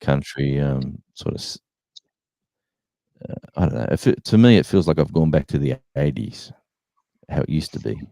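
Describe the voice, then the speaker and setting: A very low, gravelly Australian man tells rambling stories in a relaxed live-stream chat. His voice is dark and mellow, and it sounds dry and close. He fills his talk with ums and restarts. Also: normal speed, long pauses, no echo. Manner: rambling storyteller, many fillers.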